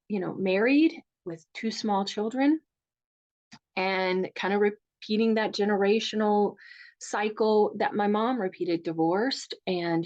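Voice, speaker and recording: A woman with a Southern US accent hosts a healing workshop in a calm, guiding voice. She tells her own story earnestly and personally. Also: medium pitch, dull audio. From rural Virginia. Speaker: divorce coach. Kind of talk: guided meditation and workshop talk.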